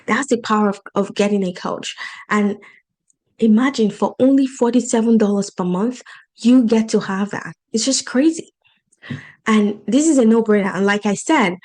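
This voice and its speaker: On her one-person podcast, a life coach with a non-native English accent offers sincere encouragement directly to her audience. She speaks at a medium pitch with a darkish tone.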